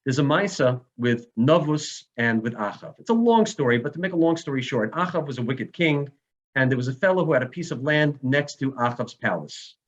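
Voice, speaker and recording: A man's voice: mid-range voice, lively intonation, brisk. A man giving an emotional Sabbath sermon as a rabbi, telling stories with rising emphasis. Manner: emotional storytelling with rising emphasis and Hebrew phrases. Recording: dull lo-fi recording.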